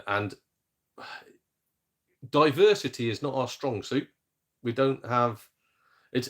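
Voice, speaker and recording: A young man, chatting casually on a gaming live stream, joking, laughing easily and swearing mildly. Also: mid-range voice. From England, Shropshire near the Welsh border. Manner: chatty, jokey, quick laughs, mild swearing.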